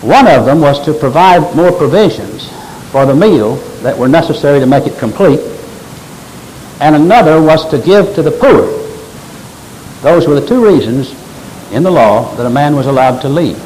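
A man's voice: on the high side, expressive, normal speed, a little mellow, slight background noise, poor audio. A man preaching a sermon, explaining scripture with emphatic stress and quoting verses aloud.

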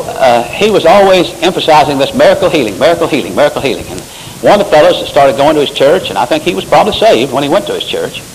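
A man's voice: a little high, slight background noise, low-quality recording. A man preaching a sermon, quoting scripture and rising into emphatic bursts.

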